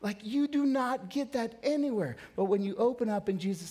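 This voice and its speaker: A man preaching a sermon as a pastor, earnest and emphatic, dropping to a soft, hushed voice in prayer. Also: high voice, moderate pace, breathy edge.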